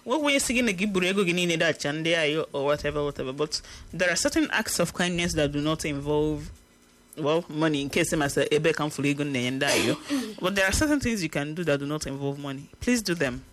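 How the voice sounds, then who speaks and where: A woman's voice: deep voice, expressive, brisk. A Nigerian woman co-hosting a casual chat, giving earnest advice.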